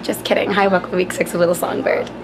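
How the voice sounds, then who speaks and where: A woman's voice: fairly low pitch, flat delivery, racing, background noise. A young woman in her twenties, a stage performer chatting casually and self-mockingly in a vlog.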